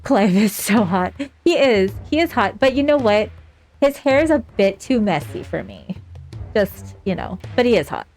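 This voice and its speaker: A woman's voice: mid-range voice, animated, normal speed, darkish tone, soft background music. A young woman streaming a game live, chatting casually, sarcastic and swearing freely.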